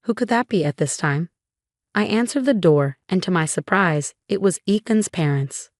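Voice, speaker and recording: A woman telling a first-person story in an even, steady read. Her voice sits low and sounds dry and close, with no room around it. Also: normal speed, no room sound. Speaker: narrator.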